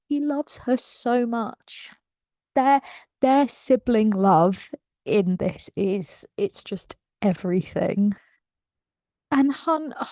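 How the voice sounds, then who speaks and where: A woman excitedly recapping a novel in a casual, emotional way, laughing often. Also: a little high, slow, no echo, clean studio sound. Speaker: book channel host.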